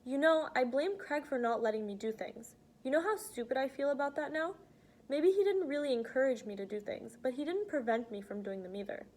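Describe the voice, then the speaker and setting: A woman reading an earnest teenage girl, a little higher. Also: a little fast. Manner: earnest, pleading, soft-spoken. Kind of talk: audiobook reading.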